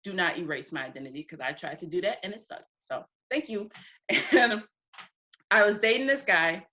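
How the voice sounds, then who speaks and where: A woman's voice: on the low side, moderate pace, bright, forceful tone, dull audio. A young woman from the United States, a guest in an interview, telling candid stories frankly, laughing often and acting out what people said. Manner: frank, laughs often, acts out quoted speech.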